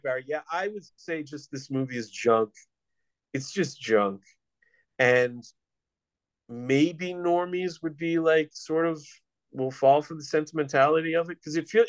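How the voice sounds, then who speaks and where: A man's voice: on the high side, dry recording. A man hosting a casual film-review chat, blunt and sardonic, with some swearing. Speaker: podcast host, film reviewer.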